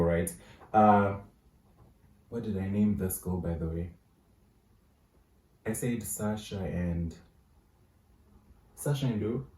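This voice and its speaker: Deep-voiced man rambling through a story. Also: dark tone. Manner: rambling, self-correcting storytelling. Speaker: vlogger. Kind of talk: casual storytime. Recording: roomy echo, mic at a distance.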